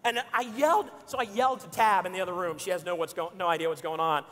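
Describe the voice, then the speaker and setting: A man in his forties telling an animated, joking story to a church congregation. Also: high-pitched, fast talker. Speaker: speaker. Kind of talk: storytelling sermon. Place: church auditorium. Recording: long hall reverb in a church.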